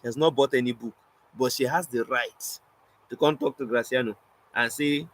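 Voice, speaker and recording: A man's voice: mid-range voice, normal speed, poor audio. A young Nigerian man, a spoken word poet, teaching in a casual storytelling way, acting out both sides of his anecdotes and slipping into pidgin.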